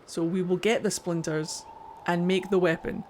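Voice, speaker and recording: Irish woman gamer, chatty let's-play commentary, jokey and excitable, swears freely, faint hiss behind her. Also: lowish voice, normal speed. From Ireland. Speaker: gaming streamer.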